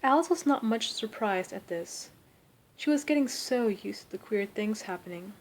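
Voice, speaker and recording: A woman reading a classic storybook aloud in a soft, quiet narrating voice. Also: mid-range voice, expressive, moderate pace. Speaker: reader.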